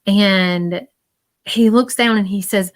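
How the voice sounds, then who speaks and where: A woman's voice: mid-range voice, slow, no echo. A woman giving a live-stream psychic reading in an earnest, reassuring, repetitive way, and she gets emotional as she talks. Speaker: psychic medium.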